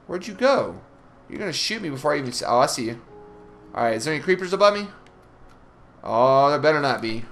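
A man's voice: medium pitch, quick pace, a little hiss or hum. A young man hosting a Let's Play, commenting as he plays, swearing and taunting the monsters. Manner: animated, swears, trash-talks the monsters. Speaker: gaming channel host.

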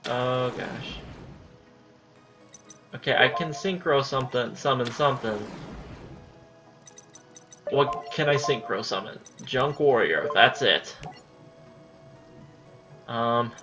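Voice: medium pitch, lively intonation, slow, long pauses. Casual let's-play commentator over game music. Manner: casual self-talk, says "dude" a lot. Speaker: gaming channel host.

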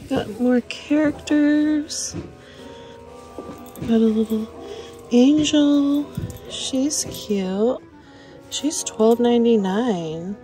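A woman chatting casually in a shopping vlog, excited and gasping as she browses a store, with music playing behind her. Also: on the high side, extremely slow, long pauses. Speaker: thrift reseller vlogger.

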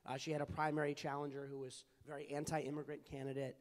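At a public forum, a young Californian man who founded an advocacy group speaks on a panel, earnest and anecdotal, with many fillers and restarts. His voice is a little high and quick, with little pitch movement. A long reverb fills the large hall.

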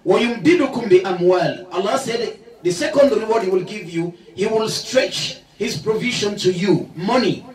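A man's voice: high-pitched, rapid-fire, hardly any pauses, a little mellow. A male Islamic lecturer giving a religious talk in a mosque hall, jovial and laughing often as he leads the audience in repetition. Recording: echoey hall, from far off.

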